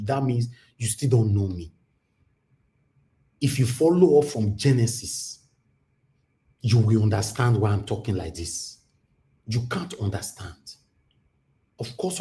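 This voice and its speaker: A man's voice: medium pitch, dark tone. A man with a Nigerian accent hosting a livestream, talking with passion and switching into Pidgin. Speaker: livestream host. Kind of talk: livestream commentary.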